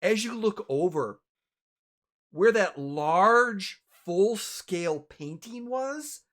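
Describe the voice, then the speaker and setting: Animated, rambling game master. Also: male voice, sits high, slow. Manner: rambling, self-correcting narration. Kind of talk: narrating a tabletop game.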